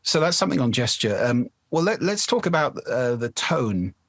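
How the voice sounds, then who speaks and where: A man's voice: mid-range voice, big pitch swings, moderate pace, no room sound. A male speaking coach being interviewed on a podcast, explaining things in a demonstrative way and shifting his resonance to show how it changes the voice.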